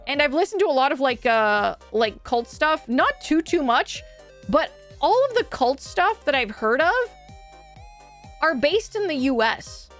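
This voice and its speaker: A woman with a high voice chats casually on stream, rambling through a story with plenty of fillers and the odd swear. Faint music plays quietly behind her. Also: big pitch swings, measured pace. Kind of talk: casual chat.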